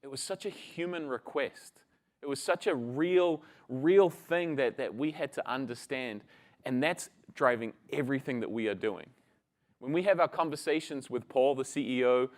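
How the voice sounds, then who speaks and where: A man giving a casual conference talk, chatting with the audience and telling a story. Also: mid-range voice. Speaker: conference presenter.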